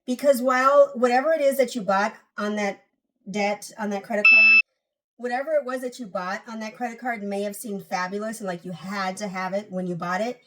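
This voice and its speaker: A woman's voice: medium pitch, fairly even intonation, fairly quick, sharp tone, recorded from a distance, a little hiss or hum. A woman hosting a personal finance channel, giving casual, emphatic advice straight to her viewers and repeating key points.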